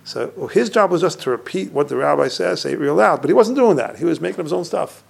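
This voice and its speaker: A male Torah teacher retelling Talmud stories. He recites Hebrew and Aramaic phrases, translates them, and often drops his voice low at the end of a phrase. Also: lively intonation, fast, gravelly, slightly rough. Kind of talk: recorded Torah class on humility.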